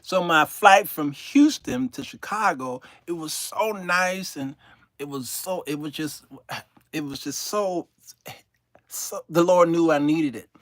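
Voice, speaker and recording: An older man hosting his own show, telling a comic story to his viewers in an animated way and laughing through his own punchlines. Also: fairly high pitch, slow pace, no room sound, clean studio sound. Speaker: show host.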